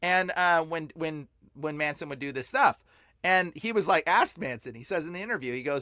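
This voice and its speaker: A man tells stories as a podcast guest, rambling and animated, leaning on fillers and laughing along the way. His voice sits a bit high for a man. The sound is dry and close. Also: moderate pace, dry recording. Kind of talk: casual storytelling.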